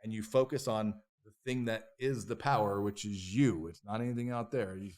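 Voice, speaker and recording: Animated, swearing male podcast guest. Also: on the low side, brisk. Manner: animated, profane, acts out quoted voices. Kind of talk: casual interview storytelling.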